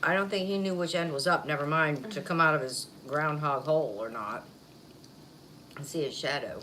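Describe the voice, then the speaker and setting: Chatty woman with a bright voice. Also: low voice, normal speed, rough recording. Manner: chatty, rambling, laughs easily. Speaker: mukbang vlogger. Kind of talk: casual chat while eating. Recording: faint background noise.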